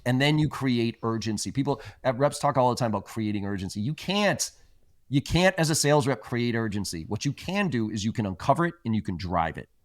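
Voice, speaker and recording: A man's voice: mid-range voice, no room sound, clean studio sound. A man who is a guest on a podcast about sales, telling stories in a blunt, emphatic and often profane way. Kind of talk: casual interview chat.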